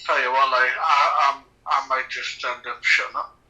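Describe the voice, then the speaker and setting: Bright-voiced chatty man. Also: mid-range voice, flat delivery, normal speed, rough recording. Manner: rambling, chatty, laughs often. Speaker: podcast co-host. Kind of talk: casual film commentary chat.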